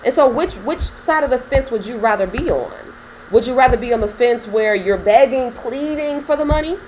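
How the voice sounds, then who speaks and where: A woman's voice: a little high, animated, normal speed, a little mellow, a little hiss or hum, low-quality recording. A woman coaching on business credit in a casual talk to camera, chatty and laughing often as she addresses viewers directly.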